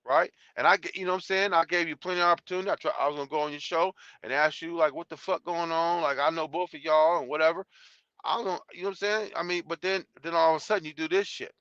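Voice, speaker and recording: A man's voice: a little high, fairly even intonation, fast, pushed and bright, dry recording. A man hosting a live stream, talking bluntly and profanely in a rambling way with many restarts. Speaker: YouTube channel host. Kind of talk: live stream talk reading chat. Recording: dull lo-fi sound.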